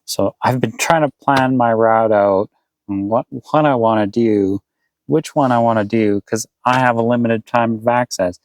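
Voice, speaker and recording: A man's voice: mid-range voice, normal speed, no echo, poor audio. A man chatting casually to his viewers in a vlog, rambling and thinking aloud as he plans his route. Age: adult, past eighteen. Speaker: vanlife vlogger. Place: inside his camper van.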